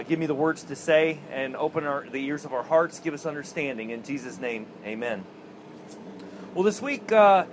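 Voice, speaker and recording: A man's voice: on the high side, slight background noise. A man preaching an outdoor chapel sermon at a racetrack, telling stories in a folksy, chuckling way. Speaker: racetrack chaplain.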